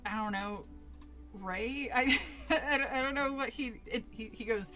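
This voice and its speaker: A woman's voice: a little high, slow pace, sharp tone, faint music behind. Laughing, rambling woman streamer. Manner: laughs often, swears freely, rambling asides. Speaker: streamer reading a horror book aloud. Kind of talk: casual live-stream reading with chat asides.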